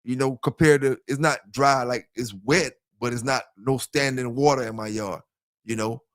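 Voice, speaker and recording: A man, talking loosely and at length to his livestream audience. His voice sits in an ordinary middle pitch. The sound is close and dry, picked up by a headset mic. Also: fairly even intonation, normal speed, a bit bright, dry recording. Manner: loose, rambling, talks straight to listeners. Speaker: dog kennel channel host. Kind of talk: casual livestream chat. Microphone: headset with earphones.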